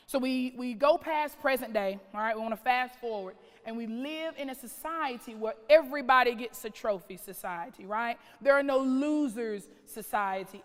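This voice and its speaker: Keynote speaker: woman, late 30s, fairly high voice, dramatic rhetorical delivery, reverberant hall. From North Carolina. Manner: dramatic, strings of rhetorical questions, shifting pace. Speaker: keynote speaker, school principal. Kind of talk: keynote speech. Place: large conference hall.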